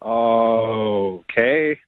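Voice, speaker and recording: A man's voice: medium pitch, drawn-out words, a little hiss or hum. Hesitant man on a tinny phone line. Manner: hesitant, caught off guard. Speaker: called guest. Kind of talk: phone conversation.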